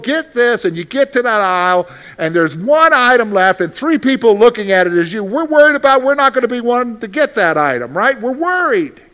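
High-voiced man preaching a casual sermon. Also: a bit bright. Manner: conversational, asks the congregation questions. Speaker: pastor.

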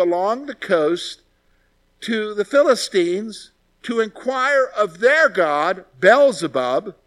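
A man's voice: sits high, fairly bright tone. A man teaching a Bible study, retelling scripture in a conversational way and asking rhetorical questions.

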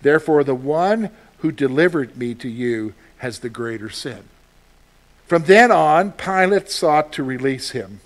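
A man's voice: on the high side, expressive, measured pace. A man preaching a sermon as a pastor, reading scripture aloud and answering questions he poses himself, with emphatic delivery.

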